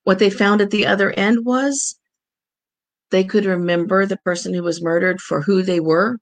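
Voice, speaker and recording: Gravelly-voiced woman co-host. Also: mid-range voice, fairly even intonation, normal speed. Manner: frank, wry humor. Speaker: podcast co-host, grief counselor. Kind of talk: casual chat.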